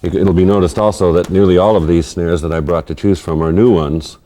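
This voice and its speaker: A middle-aged man in a recording studio, explaining drum fills in a measured, thoughtful way. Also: sits low, fairly even intonation, mellow. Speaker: drummer giving a lesson. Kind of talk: instructional explanation.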